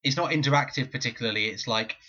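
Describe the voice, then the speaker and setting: A man's voice: mid-range voice, fast talker, sharp tone, lo-fi sound. A man co-hosting a wrestling podcast, rambling and swearing with lots of fillers. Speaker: podcast co-host. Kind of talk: casual podcast chat.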